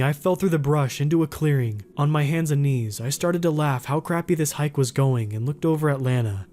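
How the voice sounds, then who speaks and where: A man reading horror stories as scripted narration, in a measured, even way with slow dramatic pauses. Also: medium pitch.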